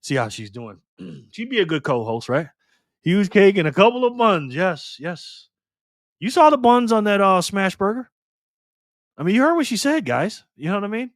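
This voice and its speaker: A man's voice: high-pitched, big pitch swings, moderate pace, no echo, clean studio sound. A man hosting a casual live stream, laughing often and bantering with his chat as he reads their comments.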